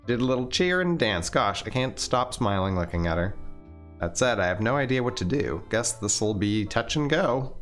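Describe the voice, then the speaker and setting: A man reading a visual novel aloud for a let's-play, relaxed and chatty with small slips. His voice sits at a middling pitch but moves lively through its range. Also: normal speed, faint music behind.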